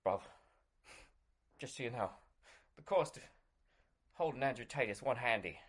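A man's voice: medium pitch, animated, normal speed, slightly rough, voice pushed down. A man doing a swaggering British alpha-male bro. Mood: smug. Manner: calls everyone bruv, swaggering and crude. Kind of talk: comedic impression.

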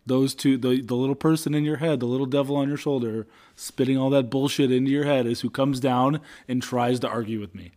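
Calm, measured man on a podcast. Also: mid-range voice. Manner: calm, measured, laughs often. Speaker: podcast co-host. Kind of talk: casual couple podcast chat.

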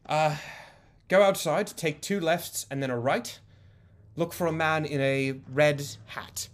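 A man's voice: fairly high pitch, unhurried, close to an everyday voice. A man voicing a shady, irritable male shopkeeper who is curt and exasperated with the customer.

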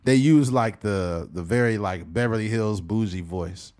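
A man's voice: fairly low pitch, unhurried, a little mellow. A man from California co-hosting a podcast, chatting casually with slang and playful jokes. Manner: joking, slangy, trades playful put-on voices. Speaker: podcast co-host. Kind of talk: casual chat.

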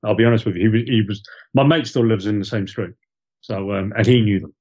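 A man's voice: fairly low pitch, fast, a little mellow, slightly rough, dull audio. A man from the East Midlands, a co-host telling rambling stories in a casual podcast chat. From East Midlands, England.

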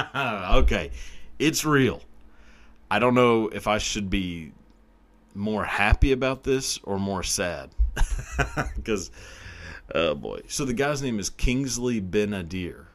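A man's voice: low voice, a bit bright. A man hosting his own podcast, chatting casually on his own in a rambling, profane, self-deprecating way. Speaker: podcast host. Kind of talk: casual solo podcast chat.

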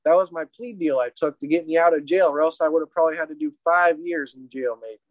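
A man casually retelling a personal story in a rambling, profane, animated way. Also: fairly high pitch, fast, dry recording. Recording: dry, dull lo-fi audio.

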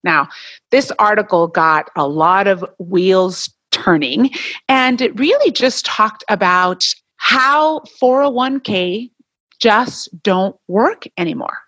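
On a casual solo podcast segment, a woman co-host chats in a mid-range voice at a slow pace. She's animated and talkative, occasionally heating up and laughing. The recording is free of room sound.

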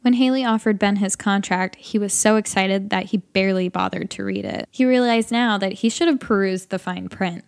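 Deadpan woman audiobook narrator. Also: medium pitch, moderate pace, gravelly, hardly any pauses. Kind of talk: audiobook narration of a comic short story.

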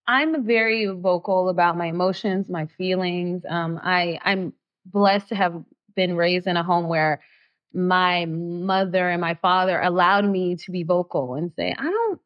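A woman speaking as a guest in a candid interview, expressive and heartfelt, her voice rising when she gets excited. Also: medium pitch, muffled recording. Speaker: actress guest.

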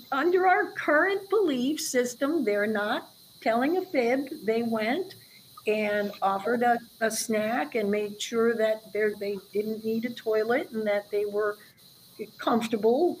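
A woman's voice: fairly high pitch, steady tone, unhurried, a little mellow, slight background noise, low-quality recording. Earnest woman dementia care educator. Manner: earnest, explanatory, emphatic. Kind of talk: interview conversation.

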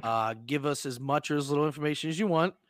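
A man hosting a podcast, telling a swearing, animated story in casual chat. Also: on the high side, fast, a little hiss or hum. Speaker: podcast host.

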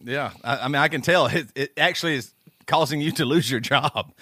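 A man co-hosting a podcast, telling stories and ranting in an animated, laughing way. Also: fairly high pitch, brisk, no room sound, studio quality. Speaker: podcast co-host. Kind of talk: casual chat. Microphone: studio microphone.

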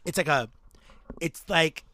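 A man's voice: fairly high pitch, a little slow, pushed and bright. A man co-hosting a casual podcast, riffing in a joking, exasperated way with lots of likes and restarts. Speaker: podcast co-host. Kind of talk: casual comedic chat.

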